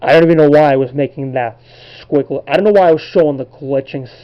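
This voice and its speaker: A young man talking casually to camera as he pages through a yearbook, relaxed and rambling, often unsure how names are pronounced. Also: on the high side, fast talker, lo-fi sound. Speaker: collectibles vlogger.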